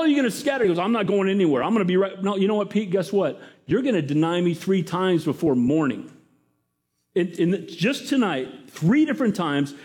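Lively pastor preaching a sermon. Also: male voice, fairly high pitch. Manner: lively, talks to the congregation with questions.

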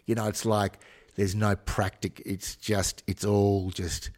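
A man with an Australian accent hosting a radio talk show, telling stories in animated casual chat. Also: fairly low pitch, slow. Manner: animated storyteller, does voices.

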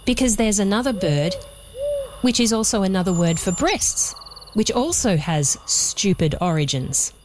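A woman's voice: mid-range voice, expressive, a little slow, noisy background. A woman with an Australian accent hosting a produced radio feature, wry and playful with jokey asides. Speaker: host. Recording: music bed underneath.

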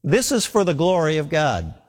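A man's voice: a little high, huge pitch swings, normal speed. A man preaching a sermon in an earnest way, repeating key phrases and asking rhetorical questions. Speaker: pastor. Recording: long hall reverb.

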